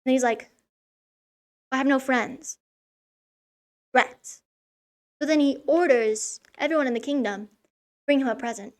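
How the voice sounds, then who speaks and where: A woman's voice: high voice, normal speed. A young woman vlogger giving a casual, sarcastic recap of a children's story, swearing freely as she goes. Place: room in a school.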